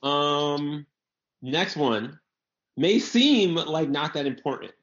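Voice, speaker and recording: Hosting a casual comedy podcast, a man from the New York area tells stories loosely and animatedly, acting out quotes and swearing freely. He speaks slowly in a voice on the high side, and the lo-fi audio sounds slightly dull.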